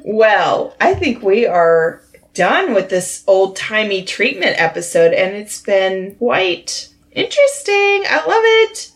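A woman's voice: medium pitch, very animated, slow pace. A woman co-hosting a podcast in casual chat, with playful reactions and frequent laughs. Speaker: podcast co-host.

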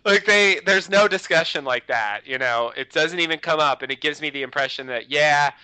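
Podcast guy, bright and crisp, dry close mic, rambly with lots of "you know". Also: on the high side, normal speed, no room sound, rough recording. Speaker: podcast host. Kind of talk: casual chat.

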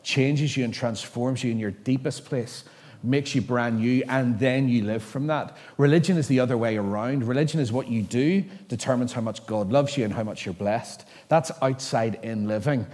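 A man's voice: mid-range voice, normal speed, darkish tone. A middle-aged man preaching a sermon from a stage microphone. He talks in a chatty, self-mocking way and laughs at his own stories. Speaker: pastor. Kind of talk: sermon with storytelling. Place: large church hall. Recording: church hall with long reverb.

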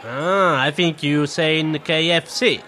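Man as a restaurant waiter, polite, broken english, fairly high voice. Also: takes it slowly, sharp tone, a faint crowd. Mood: patient. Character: patient adult male restaurant waiter. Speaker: waiter in a sketch.

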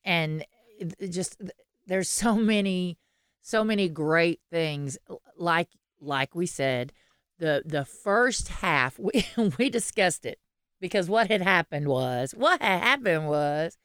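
Chatty woman with a smooth low voice. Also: animated, slow, fairly bright tone, no room sound, clean studio sound. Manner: rambling, laughs often, many restarts. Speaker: podcast co-host. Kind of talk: casual chat.

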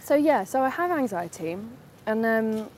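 A woman's voice: fairly high pitch, animated, moderate pace, darkish tone, a little hiss or hum, low-quality recording. Chatty woman walking outdoors. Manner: chatty and rambling, laughs at herself. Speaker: podcast host. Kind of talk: casual spoken monologue while walking. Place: outdoors in a city park in the rain.

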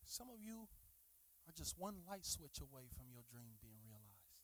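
A middle-aged man preaching a sermon, swinging from shouted, rising passages to quiet, drawn-out asides, and talking straight to the congregation with "y'all" and playful teasing. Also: medium pitch, sing-song. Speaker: pastor.

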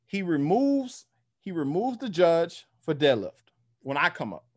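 A man telling a story in a casual, animated way, acting out other voices and using slang and swearing. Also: on the high side, measured pace, no echo, studio quality. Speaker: guest powerlifter.

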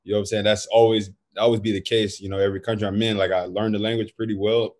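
A man's voice: fairly low pitch, level tone, fast talker, a little mellow. A man with an American accent in a casual chat, laid-back and slang-heavy, joking and emphatic.

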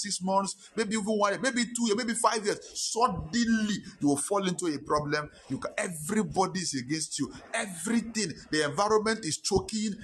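A man's voice: high-pitched, fairly bright tone, a little hiss or hum. A male pastor, preaching a sermon with impassioned rhetorical questions.

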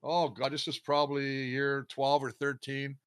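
Animated middle-aged football analyst. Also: male voice, medium pitch, moderate pace, clean tone, no room sound, clean studio sound. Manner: animated storyteller, emphatic. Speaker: football analyst, former player. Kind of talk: casual sports talk.

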